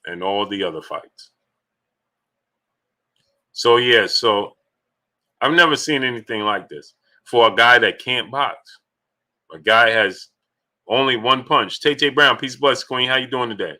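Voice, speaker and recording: A man's voice: mid-range voice, pushed and bright. A man hosting a boxing livestream in casual chat, greeting viewers by name as he talks loosely.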